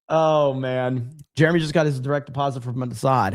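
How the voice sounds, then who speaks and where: A man's voice: medium pitch, moderate pace, no echo, studio quality. Loose, profane male livestream host. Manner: loose, profane, rambling with frequent fillers and laughs. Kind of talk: casual livestream chat reading viewer comments.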